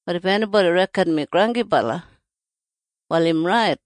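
A reader with an Australian Kriol accent, reading scripture aloud in a steady, earnest recitation. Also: medium pitch, moderate pace, dry recording.

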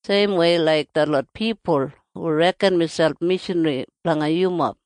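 Australian kriol accent, steady earnest scripture reading, mid pitch, dry close recording. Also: normal speed, clear, resonant tone, dry recording. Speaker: scripture reader.

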